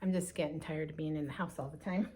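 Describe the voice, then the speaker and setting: A woman's voice: low voice, fairly even intonation, quick pace, mellow, slightly rough. An older woman chatting casually to camera from home as a stitching vlogger, a bit breathless and rambling, with lots of fillers.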